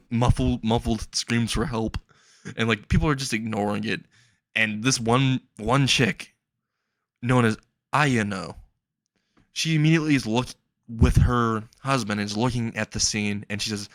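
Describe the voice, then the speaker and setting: A man's voice: mid-range voice, steady tone, moderate pace, no echo, studio quality. Laughing, swearing man telling a story. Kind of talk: casual comedic storytelling.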